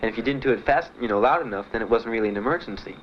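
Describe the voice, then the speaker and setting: A young man giving halting, plain spoken testimony as a war veteran, with many pauses and fillers. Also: mid-range voice. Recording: muffled 1970s archive recording with faint hiss.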